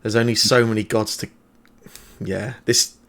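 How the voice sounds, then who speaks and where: A man voicing a weary, mercenary woman assassin in a tabletop game, talking in a deadpan, halting way. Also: lowish voice, gravelly. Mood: musing.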